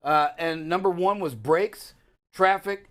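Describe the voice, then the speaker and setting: A man's voice: high voice, slow pace, fairly bright tone. A man hosting a live talk show segment on trucking safety, talking loosely with lots of uh and um. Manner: loose, rambling, many fillers.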